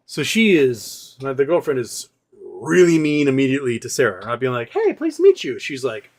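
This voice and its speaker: A male host rambling through a personal story in casual talk, often acting out what other people said. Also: medium pitch. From Seattle area. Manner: rambling, animated retelling with quoted voices.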